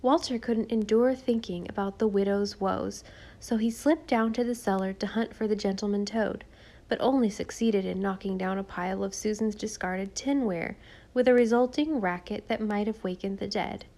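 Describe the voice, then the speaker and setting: A woman narrates a children's classic as an audiobook. Her telling is measured and expressive, with a calm, even way of reading. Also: mid-range voice. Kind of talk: scripted narration.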